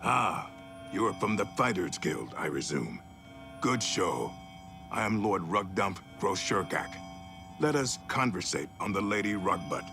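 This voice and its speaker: Low, grandiose orc lord for a game, mangling his fancy words, music behind. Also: very animated, a little slow, full character voice. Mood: pompous. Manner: grandiose speech full of misused words. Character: pompous male orc lord, bumbling noble. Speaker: game character.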